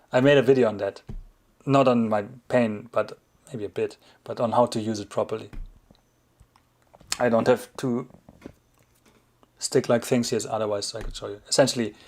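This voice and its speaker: A man with a German accent, a non-native English speaker, hosting a relaxed livestream and answering viewers' questions, chuckling often and rephrasing as he goes. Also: medium pitch, moderate pace, long pauses. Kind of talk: casual livestream chat.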